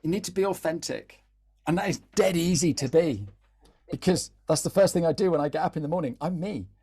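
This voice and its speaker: A man's voice: fairly high pitch, fairly quick, warm tone, slightly rough. A man giving a live online talk as a social media trainer, chatty, often repeating words and checking in with "yeah?". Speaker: LinkedIn content trainer.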